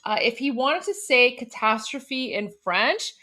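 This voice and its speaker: A sharp-tongued woman hosts a reaction stream, scornful and animated. Her voice sits somewhat high, and she talks between bites of food. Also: measured pace. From Canada. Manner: eating while talking. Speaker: host.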